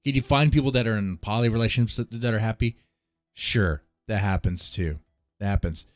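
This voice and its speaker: Low-voiced man ranting on stream. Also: a little fast, no room sound. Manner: blunt, ranting, laughs often. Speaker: streamer host. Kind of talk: casual stream commentary.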